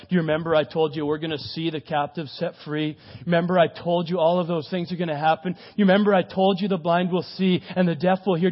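Man preacher voicing an earnest, fervent teacher figure, high-pitched, dull lo-fi sound. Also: in a large hall, natural voice. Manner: builds to a loud, fervent climax. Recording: dull lo-fi recording.

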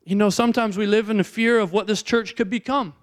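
A pastor delivers his sermon in a high, resonant voice. He keeps it conversational, turning to the listeners again and again with rhetorical questions. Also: fairly even intonation, fast talker.

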